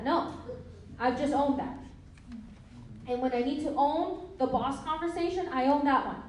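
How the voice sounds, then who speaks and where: A woman's voice: high-pitched, a little mellow. A young woman giving a playful motivational business training to a live audience, laughing often and acting out conversations. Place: meeting room with an audience. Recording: very echoey room, mic far off, faint hiss.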